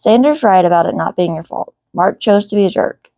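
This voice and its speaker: A woman's voice: medium pitch, lively intonation, a little fast, creaky, warm tone, no echo. A shy, flustered teenage boy stumbles over his words, as a woman reads him aloud. The storybook reading is close and dry.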